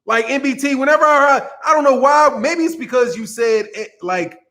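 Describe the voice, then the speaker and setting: A man's voice: extremely high pitch, moderate pace, bright, forceful tone. A man hosting a boxing channel, chatting casually and joking with his live-stream viewers, loose and playful. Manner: loose, joking, talks straight to chat, frequent laughs. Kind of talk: casual live-stream commentary reading chat.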